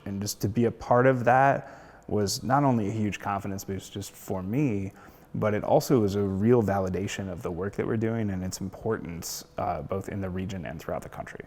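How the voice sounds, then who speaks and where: A man's voice: fairly low pitch, brisk, a little mellow, big-room sound. A man, a foundation fellow, telling a self-deprecating story with frequent laughs in a casual roundtable.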